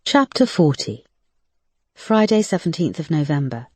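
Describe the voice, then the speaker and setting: A woman narrating a mystery thriller novel in a steady, measured reading. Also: low-pitched, dry recording. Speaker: audiobook narrator.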